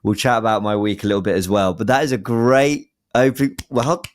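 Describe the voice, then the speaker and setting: A man's voice: lowish voice, fairly even intonation, a little fast, slight background noise. Upbeat man co-hosting a podcast. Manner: upbeat, chatty, hesitant restarts. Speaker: podcast co-host. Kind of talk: casual football podcast chat.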